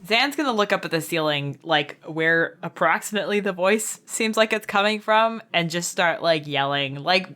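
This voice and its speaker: A woman playing a tabletop game, earnest and expressive, slipping into character. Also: lowish voice, moderate pace, hardly any pauses. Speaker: player.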